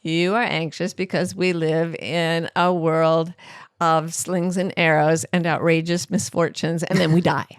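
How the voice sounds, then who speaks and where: A woman's voice: low-pitched, level tone, unhurried, clear, resonant tone, no echo. A woman author co-hosting a podcast, chatting casually with wry, dry humor. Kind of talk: casual chat.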